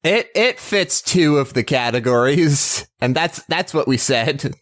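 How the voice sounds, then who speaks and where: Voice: medium pitch, expressive, a little slow, fairly bright tone. A podcast co-host in casual chat, rambling and hesitant with many fillers.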